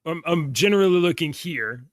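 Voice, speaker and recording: A man's voice: on the high side, lively intonation, brisk, dry recording, studio quality. A man in his forties co-hosting a podcast, rambling and correcting himself as he talks, often laughing. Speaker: podcast co-host. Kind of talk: casual chat.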